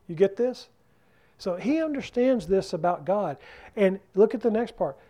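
In a church classroom, a man leads a Bible study in a loose, conversational manner, repeatedly asking the group questions. His voice is pitched high but dark and mellow, and he speaks expressively at a moderate pace.

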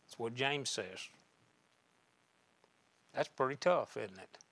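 A man delivers a sermon at an unhurried pace. His voice sits at a middle pitch and rises into loud emphatic bursts, then falls back to quiet, deliberate lines. The sound is dry, with almost no room around it. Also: no room sound. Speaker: preacher.

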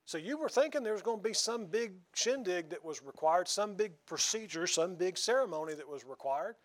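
A man's voice: sits high, animated, fairly quick. A man preaching a sermon in a folksy, conversational way, often asking the congregation questions.

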